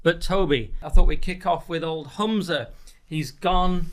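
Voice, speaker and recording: A man hosting a political podcast from a studio, with brisk, wry, casual delivery. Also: fairly high pitch. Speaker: podcast host.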